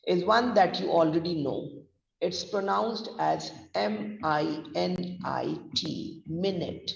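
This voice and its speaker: An Indian woman trainer explains pronunciation slowly and spells words letter by letter. Her voice has a slight gravelly edge. She sounds far from the mic in a long-echoing, dull-sounding room. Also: on the low side. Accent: Indian English. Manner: slow deliberate spelling-out, mixing Hindi. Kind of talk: online vocabulary lesson. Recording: echoey distant lo-fi room mic.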